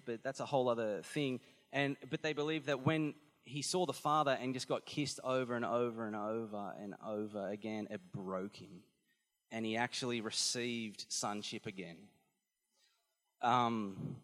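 Emphatic preacher in an echoing hall. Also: male voice, medium pitch. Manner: animated, emphatic, repeats phrases for effect. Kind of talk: sermon. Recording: long hall reverb.

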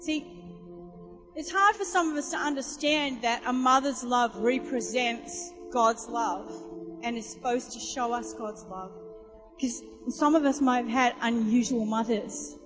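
Woman preacher with a high voice, an animated storyteller, recorded live in a church hall with reverb and music underneath. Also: measured pace. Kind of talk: sermon with storytelling.

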